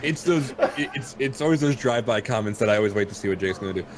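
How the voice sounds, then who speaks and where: A man's voice: medium pitch, lively intonation, fast, slight background noise. A man hosting a podcast from home, telling a rambling, self-deprecating story in casual chat. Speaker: podcast host.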